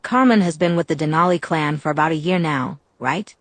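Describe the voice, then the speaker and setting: A sweet young vampire woman, put on by a female narrator, coaxing and affectionate. Her lines rise higher than the narration, close and dry. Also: a little fast, dry recording, close to an everyday voice.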